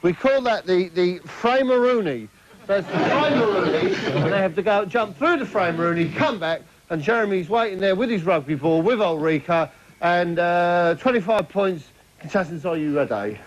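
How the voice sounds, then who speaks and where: A man's voice: high voice, normal speed. Rambling TV presenter man. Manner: rambling, hesitant, self-promoting. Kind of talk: spoof TV presenting. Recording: dull lo-fi TV audio, faint noise.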